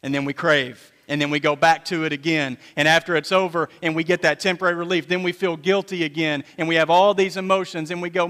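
A man's voice: fairly high pitch, level tone, fast talker, few pauses, a bit bright. Man in his fifties preaching in a hall. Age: 50s. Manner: conversational storytelling with repeated phrases. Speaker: pastor. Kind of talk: sermon. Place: church sanctuary. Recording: long reverb of a church hall.

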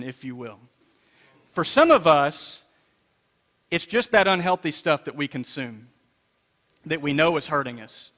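A man in his fifties delivers a sermon as a pastor, telling stories in a relaxed, conversational way and repeating key phrases. His voice sits high for a man. It rings out with the long reverb of a church hall. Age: 50s. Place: church sanctuary.

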